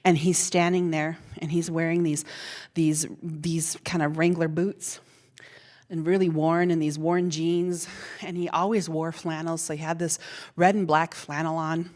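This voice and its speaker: A middle-aged woman with a lowish voice speaks to a hall audience at a plenary session. She tells a personal story in a lively, conversational way, often repeating words and laughing softly as she goes. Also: moderate pace. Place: university ballroom.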